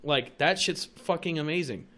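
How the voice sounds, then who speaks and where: A man's voice: a little high, normal speed. A young man hosting a casual podcast, telling wild stories with constant swearing. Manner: profane, animated storytelling. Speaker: podcast host.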